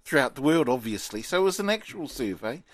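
A man's voice: mid-range voice, big pitch swings, fast talker. A man hosting a radio show, teasing his co-hosts and rambling with many fillers. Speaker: radio host. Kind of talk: casual radio banter.

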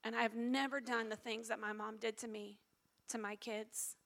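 A woman's voice: fairly high pitch, flat delivery, moderate pace, creaky. Earnest middle-aged woman preaching. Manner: earnest, confessional, dropping to hushed tones at times. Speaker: pastor. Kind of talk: sermon.

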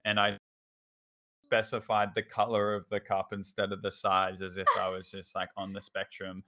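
Bright-voiced young man chatting casually. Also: low-pitched, completely flat delivery, normal speed. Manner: rambling storyteller, many fillers and restarts. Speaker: podcast co-host. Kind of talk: casual chat.

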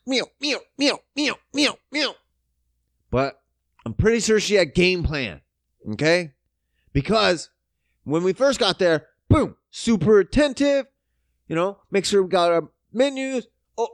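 Guy ranting and cussing, high voice jumping all over, dry close sound. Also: dry recording. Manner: profane, sarcastic, ranting with swings from mutters to outbursts. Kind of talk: casual profane rant to camera.

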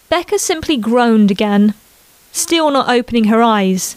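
A woman narrating a family story in an unhurried reading voice. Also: a little high, animated, smooth, no room sound.

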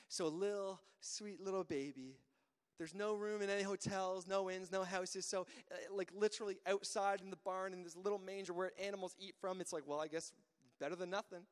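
High-voiced man preaching casually in a hall. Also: fairly even intonation, brisk, clean tone. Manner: conversational, repeats words when starting a thought. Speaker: pastor. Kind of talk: casual sermon.

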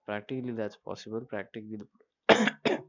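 A man with a sore throat, talking slowly and quietly in a casual solo monologue, full of fillers and restarts. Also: little pitch movement, creaky. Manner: slow and low-voiced, many fillers and restarts. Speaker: podcast host. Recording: dull lo-fi recording.

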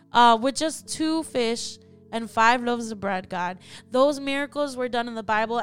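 Young female prayer host, fervent and repetitive, slightly high voice, faint music underneath. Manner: fervent, repeatedly calling on God between phrases. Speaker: podcast host leading prayer. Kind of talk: spoken prayer.

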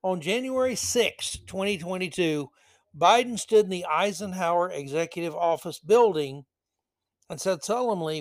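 A male podcast host with a fairly high voice, delivering political commentary. He reads passages aloud and keeps cutting in with sarcastic, mocking remarks. The sound is dry and close, with no room echo. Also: expressive, normal speed.

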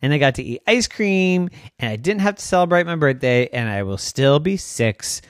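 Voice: mid-range voice, lively intonation, moderate pace, no echo, clean studio sound, natural voice. A storyteller voicing a stubborn six-year-old girl who insists she will not turn seven, in an improvised bedtime story. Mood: insistent. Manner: insistent, whiny, repeats "no".

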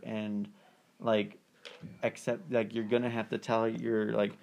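A man tells a long, rambling story in casual chat, his voice carrying a gravelly fry. He leans on fillers and slips into the voices of the people he describes. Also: lowish voice, level tone, slow pace, noisy background. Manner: rambling storyteller, many fillers, acts out quoted callers.

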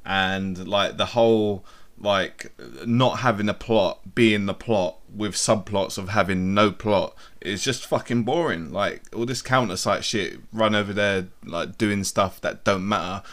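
A man's voice: on the low side, a little slow, a bit bright. A man co-hosting a casual film review chat, blunt and rambling, swearing freely.

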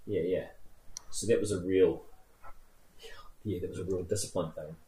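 Nz guy, really low voice, chatty and rambling, echoey room. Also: normal speed, a little hiss or hum. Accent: New Zealand. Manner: rambling, animated, laughs while telling stories. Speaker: guest. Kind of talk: casual storytelling chat. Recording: roomy echo.

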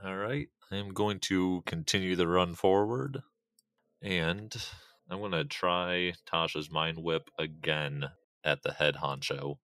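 Deep-voiced, unhurried male player, matter-of-fact, dry close mic. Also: fairly bright tone, no echo. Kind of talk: casual tabletop game play.

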